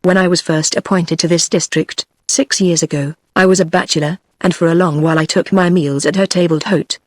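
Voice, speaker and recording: A text-to-speech woman's voice with a British accent, reading the lines of an affable, talkative male police commissary in a storybook in an even synthetic way. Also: fairly low pitch, a little fast, no room sound, lightly acted. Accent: British English.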